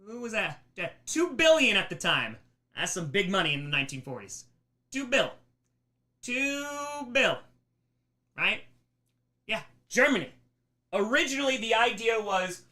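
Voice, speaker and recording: A man teaching a live history lesson on a stream, emphatic and animated, slipping into mocking voices. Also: high-pitched, unhurried, pauses often. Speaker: history teacher on a charity livestream.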